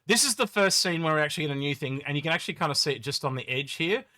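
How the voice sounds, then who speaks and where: A man's voice: fairly high pitch, animated, very fast, pushed and bright, no echo, studio quality. A young Australian man hosting a casual gaming chat, chatty and self-deprecating as he talks through a trailer. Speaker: podcast host.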